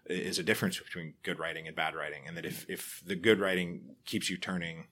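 A man talking in a relaxed interview, telling stories with lively acted-out reactions and frequent laughs. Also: deep voice, brisk. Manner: animated storyteller, acts out quoted reactions, laughs often. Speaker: podcaster guest. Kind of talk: casual interview chat.

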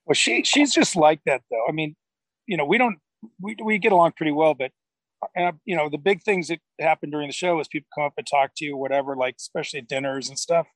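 A man's voice: on the high side, fast, no echo, low-quality recording. Rambling, easygoing man, dry close mic. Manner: rambling, self-correcting storyteller. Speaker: podcast guest. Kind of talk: casual interview chat.

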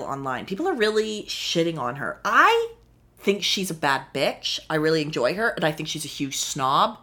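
Snarky, animated young woman. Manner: animated, snarky and profane, with sudden high exclamations. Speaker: podcast host recapping a reality show. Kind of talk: casual solo commentary.

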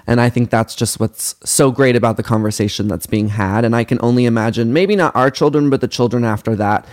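This is a man who performs as a drag queen, talking as a guest on a casual interview podcast. He speaks in an earnest, expressive way and often restarts a word or two. His voice sits in a middle pitch range. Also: a little fast.

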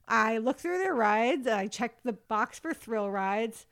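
A woman with a fairly high voice talks through a reality show recap in loose, chatty podcast banter. She is wry and quick to laugh, pausing to hunt for the right word. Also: animated, fairly bright tone, clean tone. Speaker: podcast co-host. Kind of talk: casual reality TV recap chat.

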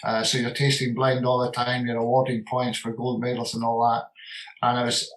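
Older whisky man, mid-pitched, loose and heartfelt interview talk. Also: monotone, brisk, poor audio. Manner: warm, rambling, repeats words for emphasis. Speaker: retiring distillery manager and whisky blender. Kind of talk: relaxed interview conversation.

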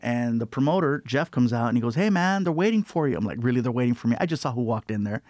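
Guy telling a story in an interview, lively, puts on other ppl's voices, dry close sound. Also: medium pitch, quick pace, no room sound. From California. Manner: animated, acts out other people's voices. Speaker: guest comedian.

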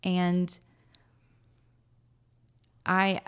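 A woman in her late thirties, a guest in an interview, telling a personal story in a casual, animated way and acting out her own thoughts. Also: on the low side, drawn-out words, clean tone. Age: late 30s.

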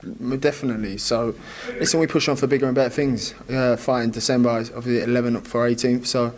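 Un jeune boxeur à l'britannique qui répond en interview d'après-combat sur un ton détendu et un brin moqueur, entre deux rires. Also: male voice, medium pitch, fairly even intonation, fast talker. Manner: casual, laughs often, dismissive. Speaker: boxer. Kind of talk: post-fight interview.

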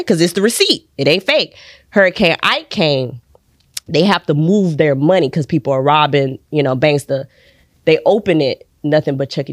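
A young woman from Texas tells a story as a podcast guest, with a lowish voice that leaps up high whenever she acts out other people. Her delivery is lively and animated. The studio sound is dry and close. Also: no echo. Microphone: studio podcast mic.

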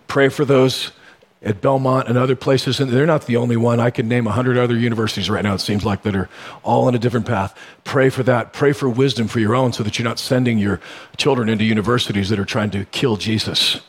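A man preaching a sermon as pastor, telling stories in a conversational way with sudden animated bursts. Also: medium pitch, brisk, husky.

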